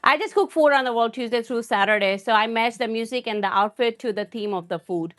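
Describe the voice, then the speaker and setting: A woman hosts a live cooking stream, rambling and chatting straight to her viewers. Her voice sits fairly high, with faint music playing behind it. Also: a little fast. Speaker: cooking livestream host.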